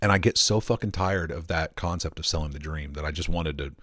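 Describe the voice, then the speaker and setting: A man's voice: very deep voice, a little fast, a bit bright, no echo, clean studio sound. A man ranting and telling a story at home in a casual, profane, rambling way. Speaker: streamer.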